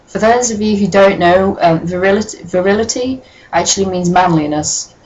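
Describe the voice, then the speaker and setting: A woman doing a comedic dramatic reading of a story, breaking off with sarcastic, sweary, deadpan asides. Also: medium pitch, moderate pace, dull audio. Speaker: reader and commentator.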